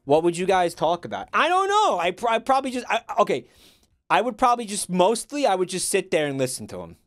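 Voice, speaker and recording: A young man reacts on stream in a lively, animated voice that runs fairly high. He rambles and swears with excitement, restarting his sentences often. The sound is close and dry, with faint music underneath. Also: quick pace, no room sound.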